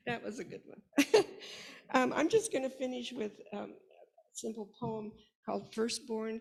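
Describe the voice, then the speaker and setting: Her gravelly, mid-range voice carries through the congregation's worship space as this older congregation member shares personal family stories at a service. She speaks into a microphone and frequently laughs while telling them.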